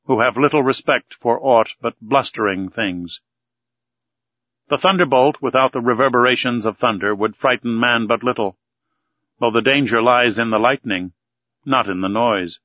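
A man narrating an audiobook in a steady, measured reading. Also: medium pitch, no room sound. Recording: dull, dry recording.

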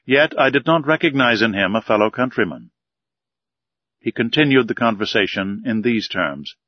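Measured male audiobook narrator. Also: mid-range voice, expressive, dry recording, lo-fi sound. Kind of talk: scripted narration of a classic novel.

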